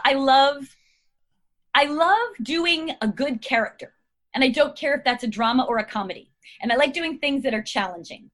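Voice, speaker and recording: A woman's voice: high voice, moderate pace, a bit bright. A middle-aged American woman, an actress guest, chatting in a rambling, bubbly way and laughing often. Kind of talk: casual interview chat.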